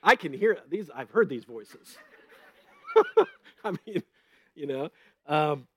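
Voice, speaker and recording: A man's voice: on the high side, huge pitch swings, takes it slowly, long pauses, husky, no room sound. A man giving a conversational Bible teaching, telling stories with gusto and often checking in with "right?". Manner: chatty, keeps asking "right?", retells stories with gusto; laughs at his own stories.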